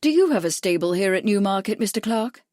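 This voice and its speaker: A woman voicing a genial, cautious gentleman adviser who speaks amiably and deferentially, in an audiobook. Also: mid-range voice, expressive, quick pace, no room sound, clean studio sound, lightly acted. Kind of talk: audiobook character voice.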